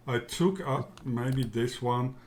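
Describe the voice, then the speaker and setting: A man teaching a software tutorial in a casual, halting way, often checking in with "yeah?". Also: medium pitch. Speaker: tutorial instructor. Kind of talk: casual screen-share tutorial.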